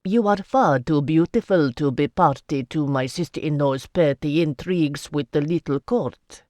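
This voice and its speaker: A proud, short-fused nobleman pushes his words hard and sharp, as the narrator voices him. A middling pitch, recorded dry and close with no room around it. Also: moderate pace, no room sound, natural voice. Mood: cynical. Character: haughty, hot-tempered male nobleman.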